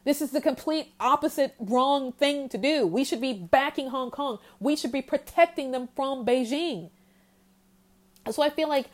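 A woman hosting a solo podcast, talking heatedly and in exasperation about the news. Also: sits high. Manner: heated, exasperated, talks straight without pausing. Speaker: podcast host. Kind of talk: solo commentary rant.

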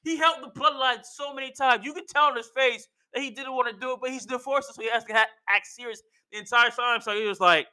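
A young man talks in an animated, slang-filled recap. His voice sits high and very bright. It is smooth and clear. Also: fast, few pauses. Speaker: wrestling recap vlogger. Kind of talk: casual excited recap.

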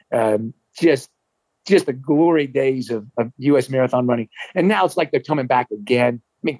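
A middle-aged man from New Jersey, a former marathon runner, telling a story in a chatty, animated way. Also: mid-range voice, no echo, rough recording. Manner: animated, chatty, frequent restarts and laughs. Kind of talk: casual storytelling.

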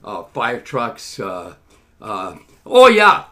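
Animated man telling a story. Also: on the low side, very slow. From Canada. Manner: animated, acts out quoted dialogue. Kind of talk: casual conversational storytelling.

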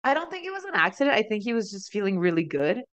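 Chatty young woman, smooth clear voice. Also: medium pitch, fast talker. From Mexico. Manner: chatty, animated storyteller who acts out quoted dialogue. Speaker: podcast co-host. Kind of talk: casual chat, storytelling.

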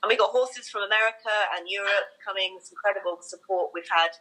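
A woman's voice: mid-range voice, fast talker, sharp tone, slightly rough, low-quality recording. A woman in an interview, eagerly laying out event plans and filling her talk with ums and restarts. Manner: enthusiastic, lists plans with many fillers. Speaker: racecourse marketing executive. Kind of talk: interview guest.

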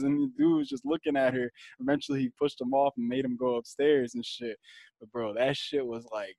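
Slangy animated young man telling a story. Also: mid-range voice, a little fast, creaky, no echo. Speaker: podcast co-host. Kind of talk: casual chat, storytelling.

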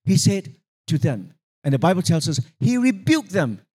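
High-voiced preacher man. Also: normal speed, husky. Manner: animated storytelling, acting out quoted voices, sudden pitch jumps; asks the congregation for responses. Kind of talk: sermon.

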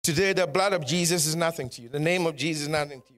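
Man, pastor, sermon, fairly high voice, animated, acts out dialogue, loud emphatic exhortation. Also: rapid-fire. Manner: lively preaching that acts out dialogue in changing voices.

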